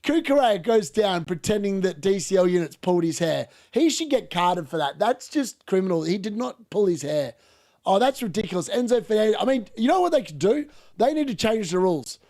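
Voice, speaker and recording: A man hosting a live football watchalong, chatting casually and reacting excitedly to the game. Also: sits high, brisk. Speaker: watchalong host.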